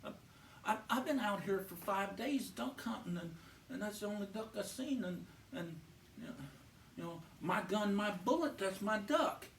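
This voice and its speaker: A man's voice: sits high, lively intonation, normal speed, creaky, fairly bright tone, echoey room, distant mic, a little hiss or hum, exaggerated voice. A man voicing a flustered male city hunter who stammers and hesitates.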